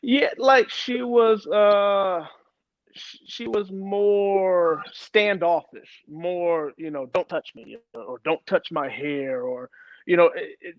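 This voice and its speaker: A young man giving a personal account in an interview, halting, with many restarts and repeated words. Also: on the high side, no room sound. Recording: dull lo-fi sound, dry.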